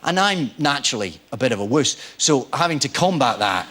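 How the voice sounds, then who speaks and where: A man in his forties, a guest actor on a chat show, telling lively anecdotes and acting out the voices of people in them. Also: mid-range voice, brisk, a little hiss or hum. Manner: animated storyteller, acts out quoted voices.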